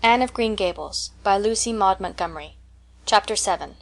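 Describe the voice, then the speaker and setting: A woman narrating an audiobook of a classic novel in a measured, clear storytelling manner. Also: medium pitch. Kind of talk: scripted narration.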